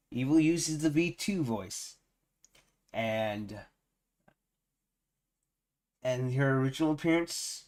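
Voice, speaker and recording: Slow, rambling male streamer. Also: mid-range voice, darkish tone. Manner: rambling, filler-heavy, amused. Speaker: streamer reacting to a video. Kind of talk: casual reaction commentary.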